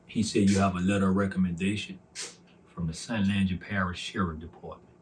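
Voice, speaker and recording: A man in his forties telling his personal testimony, softly and earnestly recounting a conversation by voicing each side. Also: sits low, steady tone, brisk, a little hiss or hum. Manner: recounts dialogue by voicing both sides, soft and earnest. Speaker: testimony speaker.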